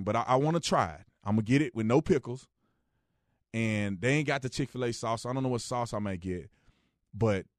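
A man hosts a radio talk show, giving casual, joking opinion commentary that swings between loud outbursts and low, quiet asides. The studio sound is clean with no echo.

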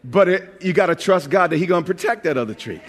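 A man's voice: high voice, animated, fast, slight background noise. A pastor from New York preaching a sermon in a conversational, joking way, often restarting his phrases. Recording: long hall reverb.

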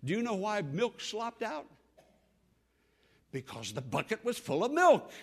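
Dramatic high-voiced male preacher. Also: big pitch swings, a little slow, breathy edge. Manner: dramatic, repetitive emphasis, acts out voices. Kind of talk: sermon.

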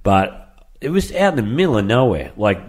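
A man's voice: mid-range voice, very animated, moderate pace. A man, a comedian telling a rambling story in casual podcast chat. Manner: rambling storyteller, laughs often.

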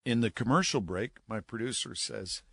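A middle-aged man, a veteran broadcaster, telling an animated anecdote and acting out the voices of the people in it. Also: medium pitch, moderate pace, creaky, breathy edge, dry recording. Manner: lively anecdote-teller who acts out voices. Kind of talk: animated storytelling.

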